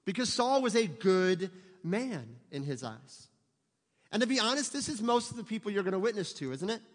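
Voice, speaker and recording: A man's voice: high-pitched, long reverb tail. A man preaching a sermon as pastor, speaking emphatically and asking his listeners rhetorical questions.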